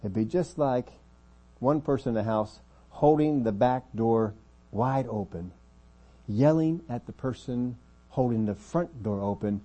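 Male pastor, sermon, husky, mellow, earnest, dropping quiet for emphasis. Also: mid-range voice, unhurried. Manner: earnest, drops quiet to make a point. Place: church.

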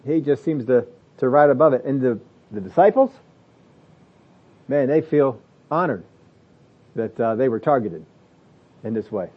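A man's voice: mid-range voice, lo-fi sound. A man preaching a sermon in a conversational way, building to emphatic lists.

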